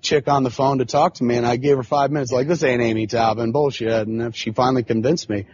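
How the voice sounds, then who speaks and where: A man's voice: mid-range voice, steady tone, quick pace. A podcast host in his forties with an ordinary mid-range voice tells a loose, rambling story, swearing freely and leaning on filler phrases. The sound is muffled and lo-fi, with a light hiss in the background. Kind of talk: casual storytelling monologue.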